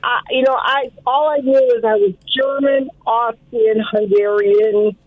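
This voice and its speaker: A woman calling in to a radio show, talking in a slow, wandering way with lots of fillers, over the phone. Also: fairly high pitch, steady tone, dry recording. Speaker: caller. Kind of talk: phone-in chat. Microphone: telephone. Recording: dull phone line.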